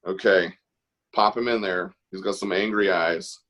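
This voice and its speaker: Low-voiced man leading a live art session over video call, upbeat and encouraging. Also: fairly even intonation, a little slow, fairly bright tone. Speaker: host of an online art class. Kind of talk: casual live-stream instruction.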